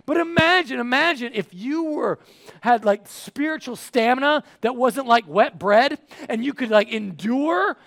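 A man's voice: very high-pitched, vocal fry. A man preaching a sermon, telling a funny everyday story and acting out the voices in it. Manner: animated, acts out voices. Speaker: pastor.

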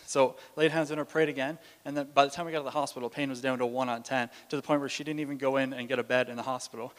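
A man's voice: medium pitch, steady tone, fast talker, hardly any pauses. A man giving a sermon, telling stories in a casual way with fillers and restarts. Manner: storytelling with frequent restarts and fillers. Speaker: preacher. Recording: long hall reverb.

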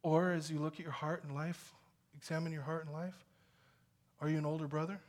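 A man preaching a sermon as pastor, with impassioned delivery that swings between loud calls and quiet, intimate stretches. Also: fairly high pitch, level tone, fairly quick.

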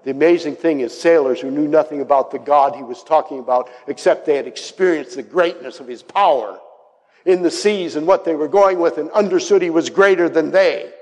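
A man's voice: a little high, brisk. Dramatic preacher man in reverberant hall. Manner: dramatic, acts out quoted voices, drops to soft asides. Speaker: pastor. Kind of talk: sermon.

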